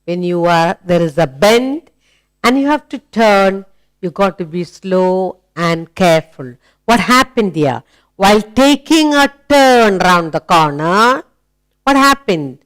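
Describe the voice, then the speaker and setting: A woman with an Indian English accent teaching phonics to children, drawing out key words slowly and asking many questions. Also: mid-range voice, animated. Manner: slow and deliberate, drawing out key words, asks frequent questions. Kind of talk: slow, animated teaching to children.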